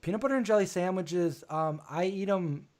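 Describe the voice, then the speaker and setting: A man's voice: sits high, moderate pace, darkish tone. Rambling, exclamatory man hosting a chat. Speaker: show host. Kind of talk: casual livestream chat.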